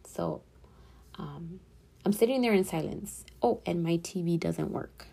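A young woman telling a personal story to her viewers in a casual vlog, speaking softly and often dropping into a whisper. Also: on the low side, measured pace, creaky, slightly rough. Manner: soft-spoken, slipping into whispers. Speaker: vlogger.

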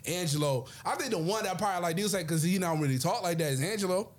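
A man co-hosts a podcast chatting casually about wrestling, animated and acting out quotes in put-on voices. His voice is high-pitched and his pace quick.

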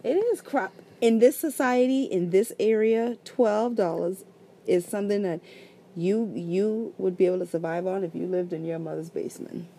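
A woman's voice: mid-range voice, moderate pace, dark tone. A woman co-hosting a casual chat with her husband, sleepy and opinionated, arguing her points. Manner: argumentative, opinionated. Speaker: podcast co-host.

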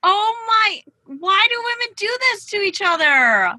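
A woman hosting a podcast, chatting casually with quick reactions and self-deprecating humor. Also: very high voice, very animated, bright, forceful tone. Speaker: podcast host.

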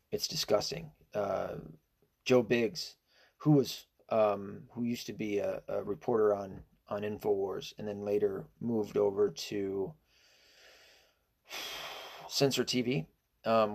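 A man's voice: fairly low pitch, vocal fry, darkish tone. A man giving a casual, indignant opinion monologue, rambling and hesitant with many fillers, restarts and swearing. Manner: profane and indignant. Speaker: political commentator.

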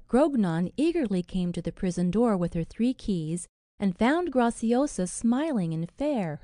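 Woman reading a fairy tale in a dry mellow voice. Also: medium pitch, dry recording. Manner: measured, expressive. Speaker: narrator. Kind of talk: fairy tale audiobook narration.

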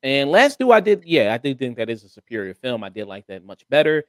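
A man's voice: medium pitch, big pitch swings, fairly quick, no echo. A man hosting a casual review chat, talking in a rambling way with lots of hesitant fillers. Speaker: podcast host.

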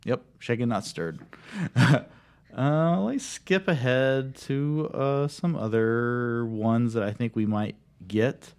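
A man's voice: medium pitch, steady tone, takes it slowly, a little mellow, smooth. A man in his thirties hosting a casual chat show, playfully running a movie quiz and laughing often. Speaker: host.

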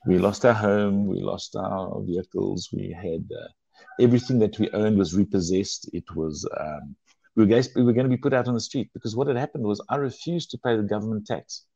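A man's voice: fairly low pitch, a little fast, gravelly, dark tone, slightly rough, no room sound, muffled recording. A man telling his personal testimony in an earnest, emotional way, often restarting his sentences. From South Africa.

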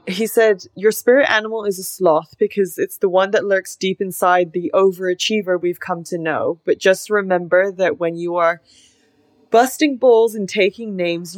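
Young woman podcast co-host, lowish voice, dry close sound, earnest and reflective. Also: fairly even intonation, moderate pace, no echo. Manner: reflective and earnest, heavy use of "like". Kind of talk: casual chat.

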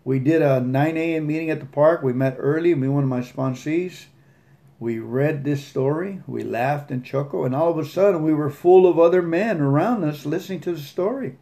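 A man hosting a podcast, reading a recovery story aloud and chatting earnestly, with halting restarts. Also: on the high side, dark tone. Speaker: podcast host.

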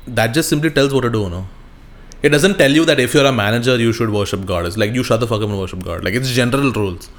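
A man's voice: medium pitch, fast talker. A man co-hosting a podcast in a casual chat, joking and mocking, with frequent swearing. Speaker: podcast co-host.

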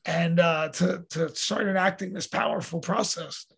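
A man with a notably high and husky voice tells stories in a loose, conversational way. He talks earnestly, drops the occasional swear word and sounds relaxed as a podcast guest. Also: moderate pace. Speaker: podcast guest, fitness coach. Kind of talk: casual conversational storytelling.

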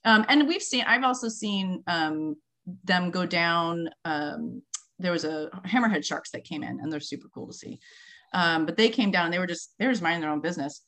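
A middle-aged woman who researches marine mammals, telling field stories in a casual, animated way, laughing often and acting out quotes. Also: lowish voice, moderate pace. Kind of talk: casual conversational storytelling.

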